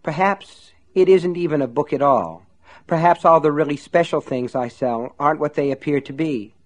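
Man voicing a sinister shopkeeper, storybook, silky, amused, reproving, raised pitch. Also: normal speed, close to an everyday voice. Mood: musing, sly. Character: sinister, smooth older male shopkeeper.

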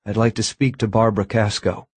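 A man voicing a hoarse, heartbroken young man. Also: lowish voice, level tone, no room sound. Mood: strained sad. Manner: halting, hoarse, hesitant.

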